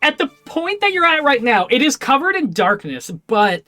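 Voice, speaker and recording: A woman's voice: sits high, sing-song, normal speed, bright, forceful tone, faint music behind. A woman narrating as game master of a tabletop game, rambling with lots of fillers. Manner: rambling, many fillers and laughs.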